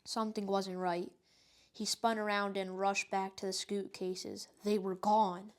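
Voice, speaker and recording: A woman reading a children's book aloud in a steady, even narrating voice. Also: medium pitch, a little slow. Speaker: storyteller.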